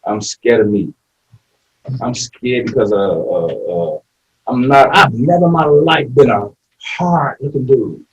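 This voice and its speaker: A man in his late fifties sharing his story in a support group, rambling and halting, swinging from hushed admissions to loud, tearful outbursts. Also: mid-range voice, lively intonation, far from the mic, a little hiss or hum, low-quality recording. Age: 50s. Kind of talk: emotional personal sharing.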